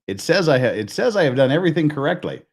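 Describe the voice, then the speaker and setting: Man hosting on a video call, lively pitch, rambling self-mocking jokes. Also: fast talker. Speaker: host. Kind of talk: casual livestream chat.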